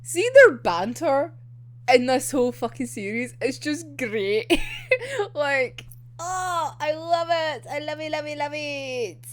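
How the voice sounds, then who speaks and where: A woman's voice: high voice, expressive, takes it slowly. A young woman reacting to a manga chapter, gushing, giggling often, swearing freely and saying "like" constantly. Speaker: manga reviewer.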